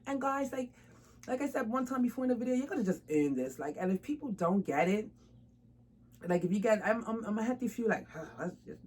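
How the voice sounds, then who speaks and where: A woman's voice: on the high side, expressive, a little fast, darkish tone, rough recording. A woman chatting casually to camera about her doll hobby, informal and laughing often. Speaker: doll collector vlogger.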